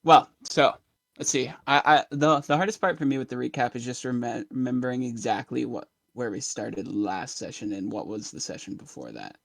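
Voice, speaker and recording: A man's voice: medium pitch, lively intonation, normal speed, creaky, no room sound. A young man playing in a tabletop game, rambling through a casual recap of the last session and laughing along the way. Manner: rambling, laughing, trailing off mid-thought. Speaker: player.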